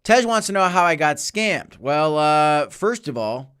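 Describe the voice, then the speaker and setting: A man in his thirties hosting a livestream, chatting casually and answering viewer messages with animated, repetitive storytelling. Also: on the high side, a little slow, clear, resonant tone. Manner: animated storytelling with repeated phrases. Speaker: crypto livestream host. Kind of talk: casual livestream chat reading super chats.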